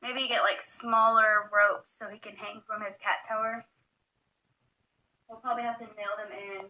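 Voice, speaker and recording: A woman's voice: medium pitch, level tone, moderate pace, sharp tone, low-quality recording. A young woman chatting casually at home while filming her pet monkey, coaxing it and laughing often. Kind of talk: casual chat. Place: home room.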